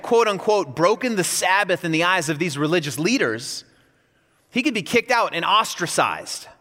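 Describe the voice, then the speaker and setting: A male pastor preaching with a bright, forceful voice whose pitch sits a little high. He talks in a lively, conversational way and acts out what people in his stories said. The sound rings with the long reverb of a big hall. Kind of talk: sermon.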